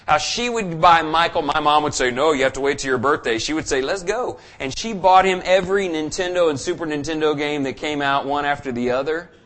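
A man delivers a sermon from the pulpit. His voice sits a little high for a man. He tells a personal story earnestly and presses his points with fervent emphasis. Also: fairly bright tone. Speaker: preacher.

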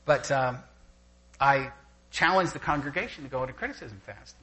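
An older man preaching a sermon to a congregation, telling anecdotes in an animated way and laughing as he goes. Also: mid-range voice, moderate pace, rough recording. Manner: animated storyteller who laughs through anecdotes. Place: church gathering with a live audience.

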